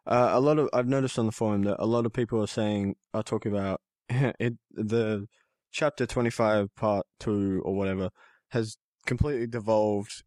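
A man's voice: on the low side, steady tone, normal speed, a little mellow, no room sound, studio quality. A man with an Australian accent, a guest on a casual podcast, rambling as he thinks aloud. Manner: rambling, restarts and fillers while thinking aloud.

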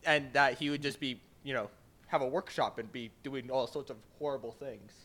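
A man's voice: mid-range voice, steady tone, normal speed, pushed and bright. An earnest, eager man chatting casually as a guest on a podcast. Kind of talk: casual chat.

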